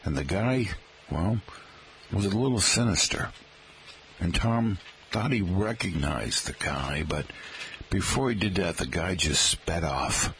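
A man's voice: sits low, animated, a little slow, fairly bright tone, a little hiss or hum, poor audio. A man hosting a talk radio show, rambling through anecdotes with chatty asides to his listeners. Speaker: radio host.

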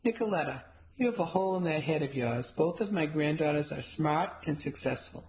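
A woman's voice: low-pitched, lively intonation, a little fast. A woman voicing a stern old grandmother who scolds a neighbor. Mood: scolding. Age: older.

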